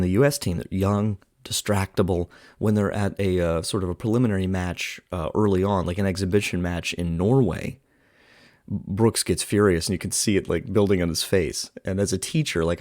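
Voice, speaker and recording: A man's voice: low-pitched, a little mellow, no echo, studio quality. A man hosting a podcast, casually retelling and reviewing a film in a chatty way, with lots of filler words and quotes he acts out.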